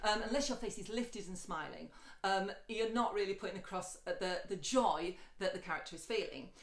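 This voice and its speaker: A woman talks a little fast in a room with a roomy sound, giving a singing lesson with sung demonstrations. Chatty and encouraging, she speaks directly to the viewer and switches between speech and light, high sung lines.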